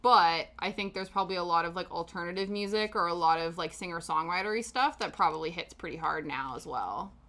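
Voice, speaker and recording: Casting: woman host on a live stream, bright, crisp tone, loose rambling chat with viewers. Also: fairly low pitch, fairly quick, few pauses. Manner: chatty and rambling, answering chat with frequent laughs. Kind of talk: casual chat while knitting on stream.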